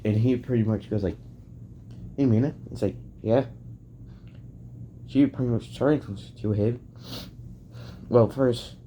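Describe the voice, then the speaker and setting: A man spins a fan-fiction story off the cuff, rambling and circling back on himself. His voice sits low and mellow, and he takes his time between phrases. A faint hum of background noise runs under him. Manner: rambling, restarts often, leans on filler phrases.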